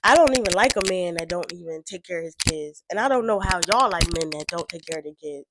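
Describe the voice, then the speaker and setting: A woman's voice: lowish voice, lively intonation, quick pace, very noisy. Woman riffing on a song for her vlog, rambly, real talk, lots of likes and um's. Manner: rambling, frank, full of fillers. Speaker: reaction vlogger. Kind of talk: casual reaction commentary.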